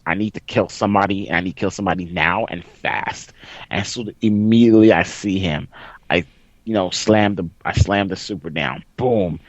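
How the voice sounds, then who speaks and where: Excitable man retelling a game story. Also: low voice, dry recording. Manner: excitable storyteller, reenacts with loud outbursts. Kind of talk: casual gaming story chat. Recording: dry, slightly dull sound.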